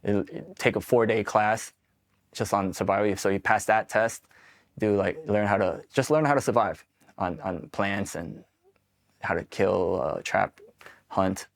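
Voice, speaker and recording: A man's voice: on the low side, unhurried, creaky. A man in his forties from Queens, New York, telling his own military stories in a candid, swearing, casual way. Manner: candid, profane, acts out quoted exchanges. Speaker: Marine veteran guest. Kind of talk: casual storytelling interview.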